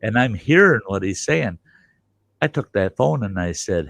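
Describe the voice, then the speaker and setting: An older man on a livestream spins a blunt, salty anecdote in casual talk. His voice is gravelly, and his pitch leaps around as he plays every part. The sound is close and dry. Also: measured pace, no room sound. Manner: blunt, animated storyteller acting out both sides. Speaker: livestream host. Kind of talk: casual storytelling.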